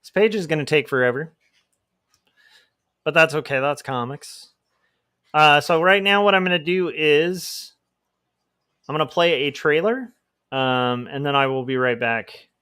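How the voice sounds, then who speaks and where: A man's voice: fairly high pitch, a little slow, pauses often, sharp tone, clean tone, no room sound, studio quality. A man hosting a livestream as a comic artist, chatting casually in a rambling, self-deprecating way.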